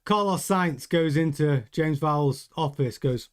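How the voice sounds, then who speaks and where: A man hosting a racing news show with a high voice. He talks loosely and jokingly, often restarting his sentences as he goes. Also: measured pace, background noise. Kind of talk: casual news commentary with live chat.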